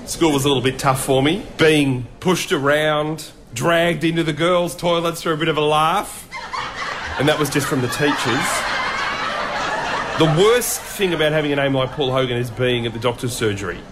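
Australian radio host, playful, noisy studio. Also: male voice, a little high, moderate pace. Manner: mock stand-up warm-up, playful. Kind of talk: joking radio banter.

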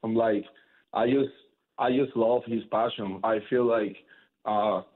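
A man, a baseball pitcher whose first language is Spanish, talking in a casual interview with energetic, rambling speech full of fillers and restarts. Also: measured pace. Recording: tinny phone-like line.

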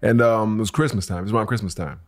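A man with a very low voice spins a story on a casual podcast. He acts out every voice in his tale, laughs as he goes, and curses freely. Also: racing. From Los Angeles local. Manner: animated storyteller who acts out quotes, swears freely. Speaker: podcast co-host.

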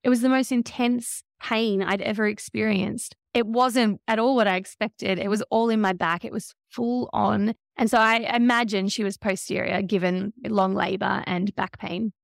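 A woman in her thirties, a podcast guest, telling her story in an emotional, animated way. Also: medium pitch, normal speed, vocal fry, hardly any pauses, dry recording, clean studio sound. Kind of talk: conversational interview.

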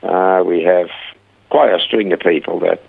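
A man, telling stories in an animated way as the guest of an interview about his rehab ministry. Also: low-pitched, a little slow, creaky, slightly rough. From Australia. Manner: animated storyteller, acting out quoted dialogue. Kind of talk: storytelling interview. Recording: narrow phone-like radio audio.

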